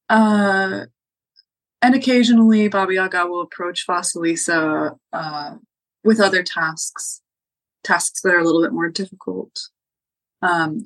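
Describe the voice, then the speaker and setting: Podcast guest, woman, loose spoken storytelling full of fillers; lower voice. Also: creaky, no room sound, low-quality recording. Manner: relaxed, frequent ums and likes. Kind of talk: casual oral storytelling.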